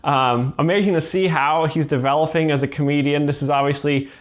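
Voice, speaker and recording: A man hosting as a joke explainer, speaking in a deadpan, earnest way that over-explains every joke. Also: fairly high pitch, brisk. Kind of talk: deadpan commentary.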